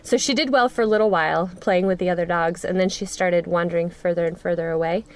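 A woman speaking as an interview guest, telling a personal story earnestly with frequent pauses and restarts. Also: fairly low pitch, steady tone, slight background noise. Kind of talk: conversational storytelling.

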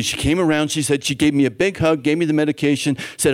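A man's voice: fairly high pitch, steady tone, quick pace, hardly any pauses, smooth. A man, a doctor speaking to a church audience, telling a story and acting out the voices of the people in it. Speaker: physician speaking at a church event. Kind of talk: storytelling talk.

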